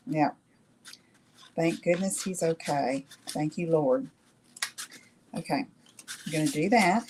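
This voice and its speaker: A woman's voice: low-pitched, background noise. A middle-aged woman hosting a live craft demonstration, chatting with viewers and checking in with "okay?" after each step. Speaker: craft tutorial host.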